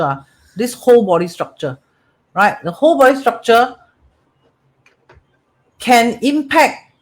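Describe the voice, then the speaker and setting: A man with a Singaporean English accent giving a motivational talk as a metaphysics teacher, repeating phrases and often checking in with "right?" and "correct?". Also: high-pitched.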